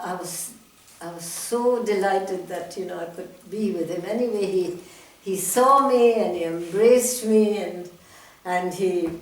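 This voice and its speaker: An older woman telling personal memories at a talk, reminiscing with emotion and acting out what others said. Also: fairly low pitch. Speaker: guest speaker. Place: meeting hall. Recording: very echoey room from far off.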